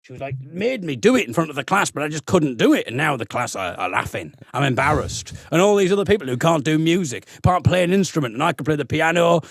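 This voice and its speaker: A man from Middlesbrough, a comedian telling a funny story as a podcast guest, animated and self-mocking. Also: fairly high pitch, fast talker, gravelly, few pauses, no echo, clean studio sound. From Middlesbrough, England. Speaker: comedian and folk singer, guest.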